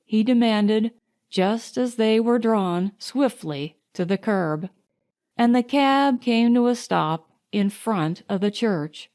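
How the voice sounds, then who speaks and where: A woman narrating an audiobook, reading in a measured, unhurried way. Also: a little high, animated, dark tone. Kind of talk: scripted narration.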